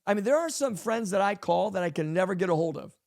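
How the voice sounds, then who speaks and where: A man's voice: sits high, animated, fast, creaky, darkish tone. A man, a pastor hosting a podcast, giving a casual leadership talk and repeating his key points for emphasis.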